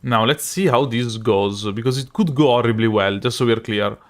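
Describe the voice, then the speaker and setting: A young man from Italy with a strong Italian accent and a medium-pitched voice talks at normal speed while streaming a live game. He rambles, keeps restarting and correcting his sentences, and chats back and forth with his viewers.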